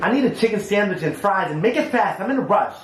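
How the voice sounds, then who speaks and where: A woman playing a rude, impatient male fast-food customer who makes curt demands, in a comedy skit. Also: medium pitch, lively intonation, reverberant, slight background noise, close to an everyday voice, low-quality recording. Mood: demanding.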